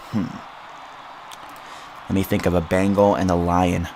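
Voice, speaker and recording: A young man hosting a casual livestream into a boom-arm mic. He giggles often, rambles, repeats words and mocks himself. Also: flat delivery, measured pace, creaky, pauses often, a little hiss or hum. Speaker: livestream host.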